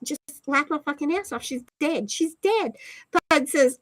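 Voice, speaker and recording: Giggly high-voiced woman streamer. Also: moderate pace, fairly bright tone, dry recording, poor audio. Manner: giggly, playful, teasing. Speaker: streamer host. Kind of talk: casual live-stream chat, reading viewer comments.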